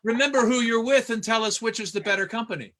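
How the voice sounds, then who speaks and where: A man hosting a casual video-call reunion, joking and stammering with quick laughs. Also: extremely high pitch, a bit bright. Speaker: host.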